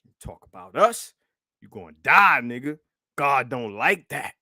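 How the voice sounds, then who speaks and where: A man's voice: medium pitch, big pitch swings, a little slow, bright, forceful tone, no room sound, studio quality. Mocking, profane male livestream host. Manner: profane, mocking, laughs often. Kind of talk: casual livestream commentary.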